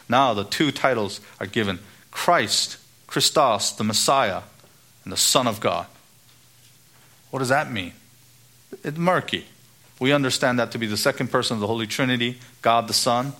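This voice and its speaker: A male preacher delivering a sermon at a medium pitch. He quotes the scriptures and preaches with emphasis, lifting his voice to stress a point and sinking low on key words. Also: normal speed, sharp tone.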